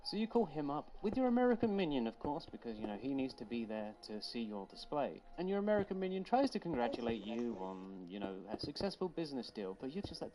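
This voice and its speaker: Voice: mid-range voice, big pitch swings, quick pace, hardly any pauses, rough recording. Sarcastic, swearing video essay narrator. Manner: sarcastic, swears, puts on voices. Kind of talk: casual comedic narration.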